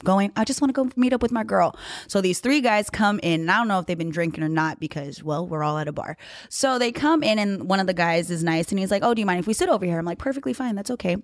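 A woman in her thirties, a podcast co-host, telling a story in casual chat, brash and animated, swearing freely. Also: mid-range voice, fast, no echo, clean studio sound.

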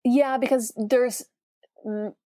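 A young woman co-hosting a podcast in casual chat, teasing and quick to laugh. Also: a little high, fairly even intonation, mellow, no echo, clean studio sound. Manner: giggly, teasing. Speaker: podcast co-host.

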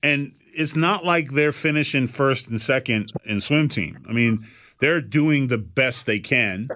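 A man's voice: mid-range voice, measured pace, sharp tone, dry recording. A man co-hosting a podcast in a casual chat, talking bluntly and plainly about tough love. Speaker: podcast co-host.

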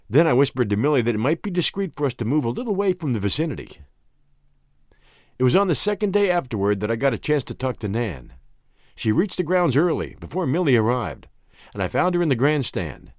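A man's voice: a little fast, dry recording, studio quality. A man narrating a first-person novel as an audiobook, telling the story expressively. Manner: expressive storytelling with wide pitch swings.

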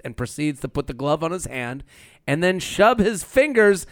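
A man's voice: a little high, lively intonation, a little slow, vocal fry, a bit bright, clear, resonant tone, no echo, studio quality. A man from the US Northeast co-hosting a comedy chat show, joking and laughing often as he reads out a listener letter. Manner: joking, laughs often, playful voices when quoting. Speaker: podcast co-host.

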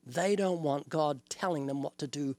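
An older evangelist with a New Zealand accent speaks earnestly on an interview show. His voice sits somewhat high for a man. He often slips into quoted dialogue to make his points. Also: normal speed, darkish tone. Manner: earnest, illustrative, quotes scripture and acts out dialogues. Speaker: evangelist guest. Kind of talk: preaching in an interview.

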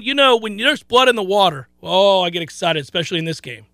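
A man's voice: high-pitched, lively intonation, fast talker, pushed and bright, no room sound. A man hosting a sports talk radio show, talking casually and animatedly, laughing often and repeating his points.

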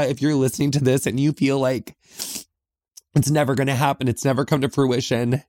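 This podcast host records his heartfelt solo talk in a small closet, and the sound is clean studio quality without any room tone. His medium-pitched voice is steady and somewhat dark, moving a little fast as he reflects earnestly and says "like" a lot.

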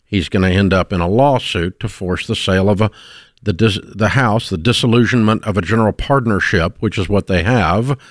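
A man's voice: on the low side, brisk, no room sound, clean studio sound. A middle-aged man hosting a call-in radio show, blunt and emphatic as he lectures listeners about money mistakes. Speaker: radio talk show host.

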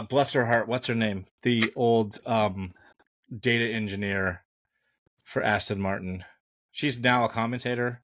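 A man with a lowish voice co-hosts a casual podcast. He talks bluntly and with energy, rambling through his points with plenty of fillers. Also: a bit bright. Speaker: podcast co-host.

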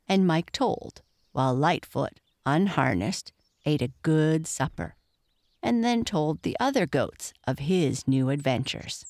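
Low-voiced woman reading a storybook. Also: lively intonation, slow pace, darkish tone, no echo, studio quality. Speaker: narrator. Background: faint guitar music.

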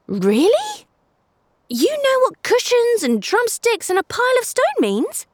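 A woman voicing a curious, excitable young boy in a kids' storybook podcast, with high, wide-eyed exclamations. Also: a little slow, no echo, clean studio sound, exaggerated voice. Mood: excited.

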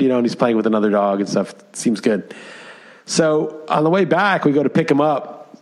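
Animated man telling a story. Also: mid-range voice, a little fast. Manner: animated storytelling with many fillers. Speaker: podcast co-host. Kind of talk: casual chat.

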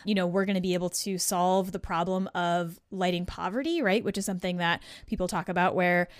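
A woman with a lowish voice, talking a little fast, guest-hosts a podcast and tells a casual story full of laughter. She brings the quoted people to life with acted voices, all in a dry, clean studio recording.

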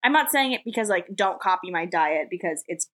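A woman's voice: lowish voice, animated, a little fast, a bit bright. A young woman from Los Angeles co-hosting a fitness podcast, chatty and joking, with lots of fillers. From Los Angeles, California. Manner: chatty, joking, many likes and restarts. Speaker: co-host, manager and athlete. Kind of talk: casual podcast chat.

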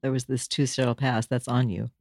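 A woman's voice: rumbling low, level tone, moderate pace, a little mellow, dry recording, clean studio sound. A middle-aged woman who is a mother, co-hosting a casual podcast chat with her daughter and laughing easily. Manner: laughs easily, talks expressively.

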